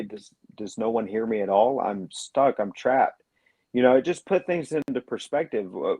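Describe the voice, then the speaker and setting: A man talks about his paranormal investigations as a radio guest. He speaks in an earnest, reflective way and fills his pauses with "um" and "you know." His voice is low and mellow, and the recording is dry and close. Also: no echo. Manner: earnest, reflective storytelling, many fillers. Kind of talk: telling a story in a radio interview.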